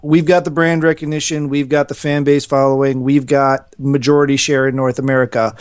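A man hosting a casual gaming podcast, thinking out loud about market strategy. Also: medium pitch, level tone, fairly quick, few pauses, smooth, no echo, clean studio sound. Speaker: podcast host.

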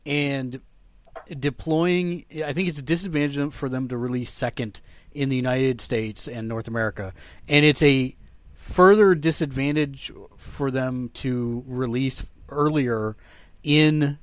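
A man's voice: medium pitch, a little slow, no room sound. A man co-hosting a casual gaming podcast, laying out his argument step by step. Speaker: podcast co-host.

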